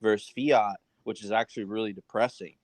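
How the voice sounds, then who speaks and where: A man's voice: fairly low pitch, steady tone, a little fast, no echo, poor audio. A man from the United States talking casually as a podcast host, loose and conversational, with many fillers and restarts.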